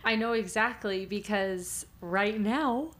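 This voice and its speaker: A woman's voice: medium pitch, slow pace, fairly bright tone. A young adult woman co-hosting a casual podcast chat, bubbly and chatty, laughing easily. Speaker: podcast co-host.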